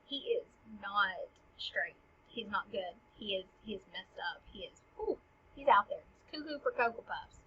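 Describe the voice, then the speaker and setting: A woman's voice: on the high side, expressive, fast, few pauses, a little hiss or hum, natural voice. A bossy scheming king, read by a woman. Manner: paraphrases formal lines in slang. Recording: dull lo-fi recording.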